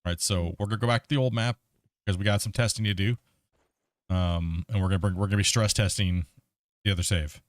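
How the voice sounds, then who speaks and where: A man's voice: low-pitched, fairly even intonation, fairly quick, no room sound, clean studio sound. A man hosting a gaming livestream, rambling casually and chuckling as he talks to his chat.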